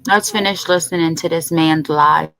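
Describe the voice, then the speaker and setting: A woman in casual conversation about a news case, unhurried and conversational. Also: deep voice, fairly bright tone, slight background noise, poor audio. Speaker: co-host.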